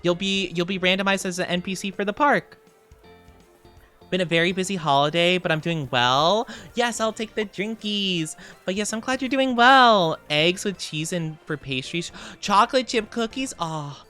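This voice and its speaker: Livestreamer, casual gameplay chat, bright, giggly voice, soft music underneath. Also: mid-range voice, expressive, normal speed. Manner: chatty and giggly, answers chat messages. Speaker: streamer reading chat.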